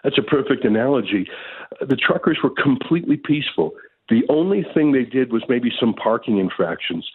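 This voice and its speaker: A man in his fifties from Canada, a guest in a remote interview, talking in an agitated way with many repeated words and restarts. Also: mid-range voice. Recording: tinny phone-like line.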